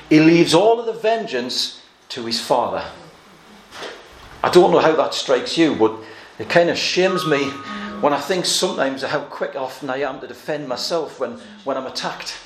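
A man preaching a sermon, earnest and emphatic, slowing down to stress quoted verses. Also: on the high side, reverberant.

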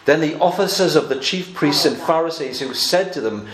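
A man's voice: a little high, lively intonation, normal speed, a crowd in the background. A man preaching a sermon, explaining Bible passages verse by verse with a touch of humor. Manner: expository Bible teaching with light humor. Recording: echoey room, faint background noise.

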